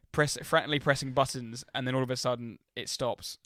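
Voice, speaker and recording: A man's voice: medium pitch, a little fast, no room sound, studio quality. Man telling a story. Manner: lively storyteller. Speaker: podcast co-host. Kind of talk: casual football podcast chat.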